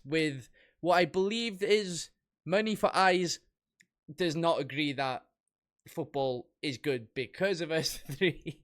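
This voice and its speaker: Wry young man, fairly high voice. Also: a bit bright. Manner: wry, amused, reads comments aloud and picks them apart. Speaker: fan reacting to comments. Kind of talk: casual reaction commentary.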